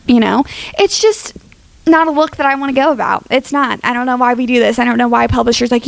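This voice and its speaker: A woman's voice: on the high side, brisk, gravelly, dry recording. A young woman casually vlogging her opinions, chatty and dramatic with lots of filler words. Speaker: book YouTuber.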